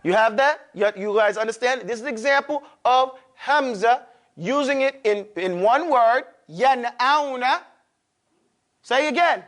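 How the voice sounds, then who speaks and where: Brief: very high-voiced male teacher, drills a class in a classroom, keeps asking if they follow. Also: measured pace, a bit bright. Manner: drills pronunciation, checks in with "okay?". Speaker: Quran recitation teacher. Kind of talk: classroom lesson.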